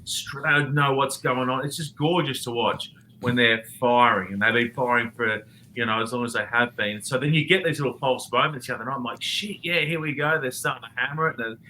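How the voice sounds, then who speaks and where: A man's voice: mid-range voice, brisk, slight background noise, rough recording. A man, a rugby commentator guesting on a podcast, talking bluntly and animatedly over a remote call. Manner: animated, blunt, swears casually. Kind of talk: casual podcast chat.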